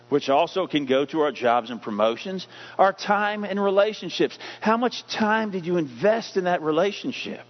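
A pastor in his forties, giving a conversational, animated sermon that keeps asking the congregation questions. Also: fairly high pitch. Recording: dull lo-fi recording.

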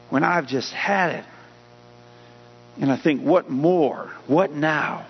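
Male pastor, sermon delivery, slightly high voice, punches up the scripture readings; muffled recording with long hall echo. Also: a little slow. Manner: preaching with rising emphasis on scripture readings. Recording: dull hum-laden audio with long hall reverb.

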